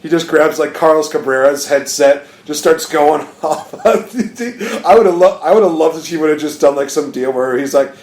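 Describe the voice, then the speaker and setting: A man's voice: a little high, animated, normal speed, hardly any pauses, darkish tone, roomy sound. A man hosting a podcast, telling stories casually and animatedly, laughing often. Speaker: podcast host. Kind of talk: casual chat.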